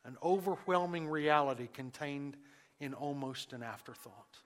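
A man preaching a sermon, who asks the congregation questions and uses dramatic pauses, moving between loud emphasis and near-hushed lines. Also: on the high side, in a large hall. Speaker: pastor.

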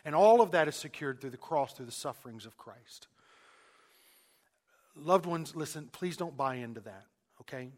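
A man's voice: a little high, expressive, moderate pace, long pauses. A man preaching a sermon as pastor, emphatic, repeating phrases and restarting mid-sentence.

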